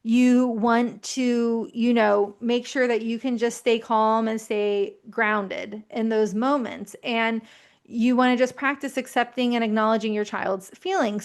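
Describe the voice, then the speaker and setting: A woman in her thirties giving calm, reassuring parenting advice in a gently explanatory way. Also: on the high side, clear, resonant tone. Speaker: parenting educator.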